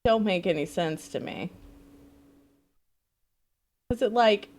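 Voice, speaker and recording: A young woman with a medium-pitched voice live-streams a game, chatting casually and taking her time as she speaks. She is giggly and animated, laughs a lot, and swears.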